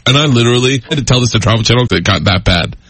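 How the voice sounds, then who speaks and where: A man's voice: medium pitch, lively intonation, rapid-fire, crowd noise. A middle-aged man telling rambling stories as a podcast guest, often laughing mid-sentence. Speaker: guest storyteller. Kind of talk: casual podcast chat.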